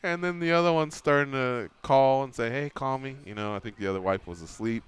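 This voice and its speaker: Speaking a little fast in a clean, mid-range voice, a man hosts a radio program from the studio. His long, casual anecdote comes with acted-out quotes, delivered with a storyteller's animation.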